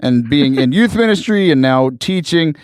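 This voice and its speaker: A man's voice: a little high, expressive, normal speed, smooth, no room sound, studio quality. A man hosting a casual podcast interview, friendly and joking with his guests. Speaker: podcast host.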